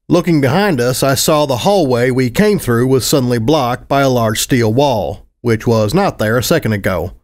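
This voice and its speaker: Male fan audiobook narrator, wry. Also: medium pitch. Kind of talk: first-person fan fiction audiobook narration.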